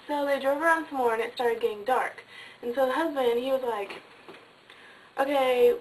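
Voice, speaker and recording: A woman casually telling a ghost story in a chatty way with lots of fillers, sometimes dropping to a hush. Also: high voice, fairly quick, recorded from a distance, slight background noise, poor audio. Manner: chatty, many fillers, drops to hushed tones.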